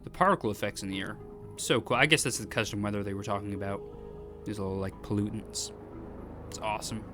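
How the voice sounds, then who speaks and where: A man with a fairly low voice talks eagerly over game footage as a video host. He gushes and restarts his sentences, doubling words as his enthusiasm runs ahead of him. Soft music plays faintly behind him. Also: fast. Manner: enthusiastic, gushing, often repeats words when starting sentences.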